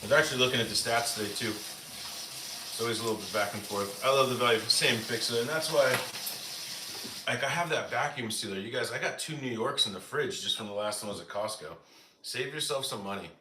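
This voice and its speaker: A man's voice: medium pitch, brisk, echoey room, noisy background. A man hosting a casual live stream from the United States, chatting with viewers and answering their comments, with lots of "like" fillers. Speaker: live-stream cooking host.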